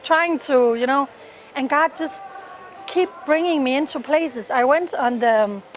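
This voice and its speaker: A woman's voice: high-pitched, slight background noise. A woman from Denmark gives an earnest, fervent personal testimony in an interview, often restarting and repeating words. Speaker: interviewee, pro-Israel activist.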